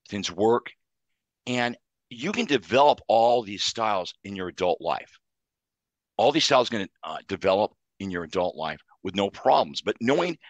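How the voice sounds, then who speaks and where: Earnest therapist type, deep-ish voice, dry studio sound, walks through ideas in lists. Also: male voice, a bit bright, no room sound. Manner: earnest, explains in numbered lists. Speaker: psychologist and author. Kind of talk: interview answers.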